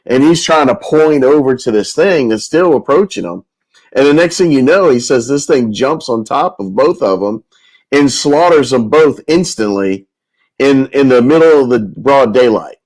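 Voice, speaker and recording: Male host, mid-pitched, casual storyteller, repeats and restarts a lot. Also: animated, moderate pace, a little mellow, poor audio. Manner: rambling, with many restarts and repetitions.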